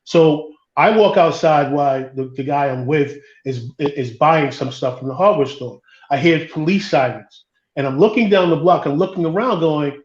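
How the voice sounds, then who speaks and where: A man with a somewhat high voice tells a long personal story during a podcast discussion, often stumbling and repeating words. He is heard over a remote call that sounds roomy and dull. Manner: halting, repeats words while recounting. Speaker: podcast co-host.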